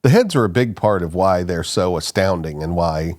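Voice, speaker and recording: Low-ish voiced middle aged guy, archaeologist guest, chatty and laughing, restarts his sentences a lot. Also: animated, normal speed, darkish tone. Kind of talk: casual storytelling interview.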